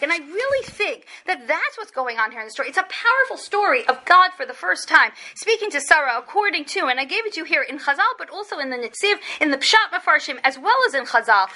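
A woman teaching a lesson on biblical texts, animated and acting out the voices in the stories she explains. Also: high voice. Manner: animated, acts out quoted voices of biblical figures. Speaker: Torah teacher. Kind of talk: text study lesson.

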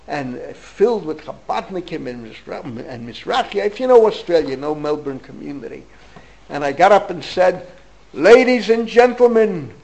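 A man's voice: fairly high pitch, gravelly, rough recording. An older man from New York, a rabbi teaching a Torah class, wandering into stories and stressing his points with feeling. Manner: digressive storyteller, emphatic.

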